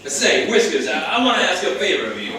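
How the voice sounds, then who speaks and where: An actor with a rural American Yankee accent playing a brash, shrewd, folksy American on a theater stage, talking in bold, teasing slang. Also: male voice, high voice, lively intonation, brisk, crowd noise. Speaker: actor in a play reading. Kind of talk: stage play reading. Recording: very echoey theater, distant mic, faint hiss.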